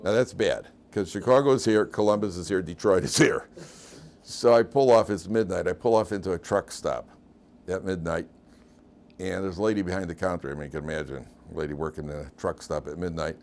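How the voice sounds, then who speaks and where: Deep-voiced older rabbi telling stories. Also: male voice, a little fast, darkish tone. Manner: anecdotal, self-deprecating storyteller. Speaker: rabbi and yeshiva teacher. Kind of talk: humorous lecture with stories.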